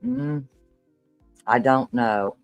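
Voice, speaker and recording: A woman's voice: a bass voice, extremely slow, soft background music. A woman from Tennessee with a Southern accent, streaming live and reacting to a video with incredulous exclamations and frequent swearing. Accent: Southern American.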